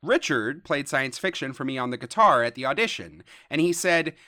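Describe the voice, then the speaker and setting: Lively bright-voiced male podcast narrator. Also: medium pitch, moderate pace, no echo, studio quality. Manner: lively storytelling, reads quotes. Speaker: podcast host. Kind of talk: scripted narration with banter.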